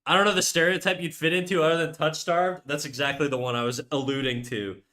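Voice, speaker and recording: A man's voice: a little high, steady tone, fast, bright, forceful tone. A young man chatting casually on a live stream, joking crudely and rambling with frequent restarts. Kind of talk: casual livestream chat. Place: home room.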